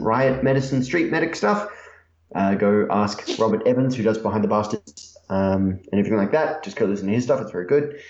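Casting: casual game-master host, joking and hesitant; roomy, slightly dull recording. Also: male voice, mid-range voice, darkish tone. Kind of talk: casual tabletop game narration.

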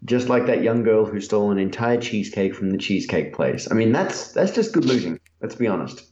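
A man's voice: on the low side, big pitch swings, brisk, a little mellow. A man running a tabletop game for friends in a casual, joking way, with lots of ums. He sounds as if he is in an echoey room. The audio is a bit muffled. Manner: chatty, hesitant, joking. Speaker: game master.

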